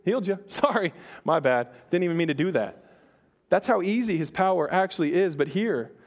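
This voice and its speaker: A man preaching a sermon, retelling a story with dramatic pauses and humor. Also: high voice.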